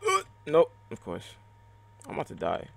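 A man giving live gameplay commentary, excitable and reactive, muttering and swearing at the game as he plays. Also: on the high side, moderate pace, creaky. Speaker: let's play gamer.

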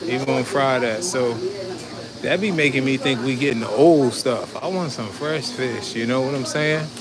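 A food vlogger with a mid-range voice chats casually with his viewers at a moderate pace, calling them "y'all" as he films at a fish market and beside his truck. Crowd noise mixes with loud street and vehicle sounds in the background.

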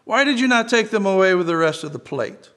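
A man reading the lines of a kindly, forgiving old bishop in a gentle, unhurried way. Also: fairly high pitch, lively intonation.

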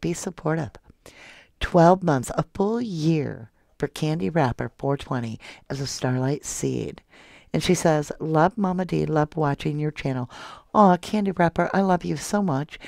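A soft-spoken woman hosting a true crime livestream, reading viewer comments aloud and calling her viewers love and honey. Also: deep voice, gravelly, no room sound, clean studio sound. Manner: affectionate toward viewers, calls them love and honey. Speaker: true crime channel host.

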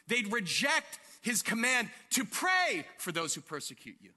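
A male pastor preaching an animated sermon to his congregation, asking them questions and acting out the scene. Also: high voice, moderate pace, few pauses, long reverb tail. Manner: animated, asks the congregation questions and acts out quotes. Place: church sanctuary.

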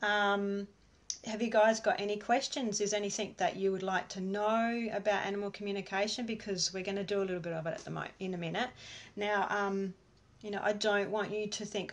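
A woman's voice: medium pitch, steady tone, brisk. A woman giving a casual online workshop from home, chatting in a rambling way with many fillers. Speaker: workshop presenter. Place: at home with her dog.

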